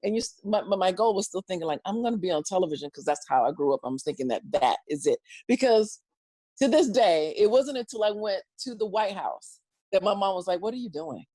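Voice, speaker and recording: A middle-aged woman, a comedian appearing as an interview guest, chats animatedly through her stories, acting out voices and quotes and laughing often. Her voice is medium-pitched and brisk, and the recording is dry.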